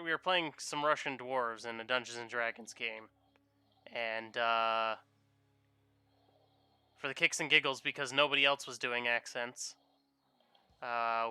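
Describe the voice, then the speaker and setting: Young male streamer, bright crisp voice, dry close sound, playful rambling chat. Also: mid-range voice, no room sound. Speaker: streaming artist. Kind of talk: casual chat while drawing.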